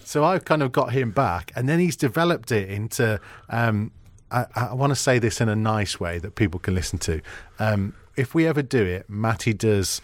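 A man's voice: fairly low pitch, moderate pace, hardly any pauses, dry recording. Dry-sounding male podcast host. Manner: animated storyteller, laughs often. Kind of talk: casual podcast chat.

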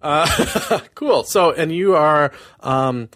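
A man's voice: a little high, lively intonation, very slow, a bit bright, no room sound, clean studio sound. A man hosting a podcast in casual chat, reading sponsor spots and rambling with many fillers and restarts. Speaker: podcast host.

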